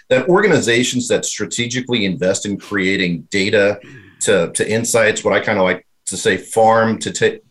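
A man's voice: on the low side, a bit bright. A man speaking as a panel guest, thinking aloud with frequent restarts. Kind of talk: discussion talk.

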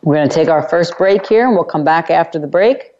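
Woman hosting a self-help radio show, low mellow voice, emphatic, kinda muffled lo-fi sound. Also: brisk. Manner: repeats chanted clearing phrases. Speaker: call-in radio show host. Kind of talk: self-help call-in talk.

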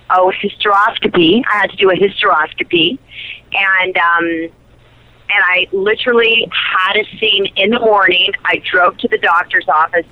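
A woman's voice: medium pitch, no echo. A woman, an actress guest, telling a personal story in a chatty, giggly way with lots of fillers, heard over a phone line. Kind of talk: casual chat.

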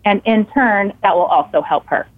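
A woman guest telling a personal story in casual conversation, animated and acting out her own thoughts in quotes. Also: medium pitch, normal speed. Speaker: podcast guest and author. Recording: tinny phone-like line.

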